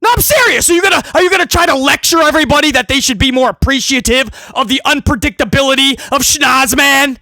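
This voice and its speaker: A man giving a heated, sarcastic wrestling rant that often breaks into shouting. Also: very high voice, quick pace, few pauses, no room sound. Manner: ranting, sarcastic, shouting at times. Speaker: wrestling commentator.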